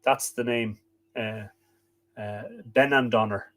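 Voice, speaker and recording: Irish guy hosting a myth stream, slow grand verse reading then rambly chat, medium pitch. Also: fairly even intonation, fairly bright tone. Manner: chatty, hesitant asides with fillers. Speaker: host. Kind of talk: livestream reading and commentary.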